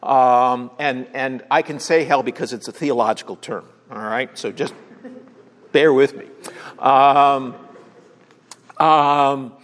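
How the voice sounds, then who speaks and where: A man's voice: medium pitch, takes it slowly, long pauses, a little hiss or hum. A man preaching a sermon, telling the story conversationally and often checking in with "all right?". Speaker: pastor. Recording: long hall reverb.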